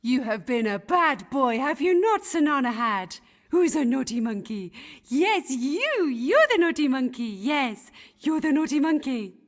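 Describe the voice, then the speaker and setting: A woman voicing an excitable, gossipy, well-to-do Elizabethan lady in a game, flustered. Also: high voice, a little slow, long reverb tail. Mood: cooing. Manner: flustered, gossipy, old-fashioned speech. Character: fussy wealthy lady, middle-aged, excitable. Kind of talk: game voice acting.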